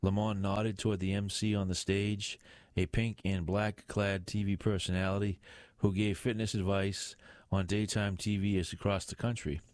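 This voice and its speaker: Male audiobook narrator, lowish pitch, steady read, dry close sound. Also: normal speed, no room sound. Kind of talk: reading a crime novel aloud.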